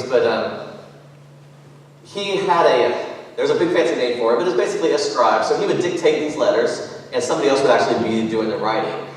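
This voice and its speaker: A male pastor preaching a sermon in a conversational, animated storytelling manner in a large church sanctuary. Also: medium pitch. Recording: echoey church hall, mic far off.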